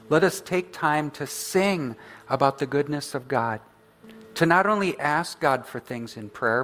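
Man gently exhorting a congregation. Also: medium pitch, slight background noise. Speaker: pastor. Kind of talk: sermon.

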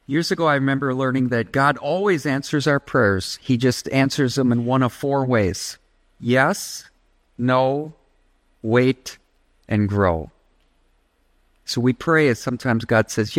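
A man's voice: mid-range voice, a little slow, no echo. A man preaching a sermon as pastor, emphatic, leading the congregation in call-and-response.

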